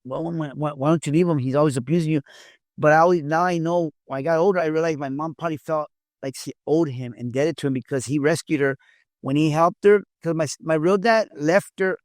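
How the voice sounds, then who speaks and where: Man recounting his family history, halting. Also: on the high side, no echo. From Mexico. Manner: halting, many restarts and repeated words. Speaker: interview guest, former police officer. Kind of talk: candid storytelling in an interview.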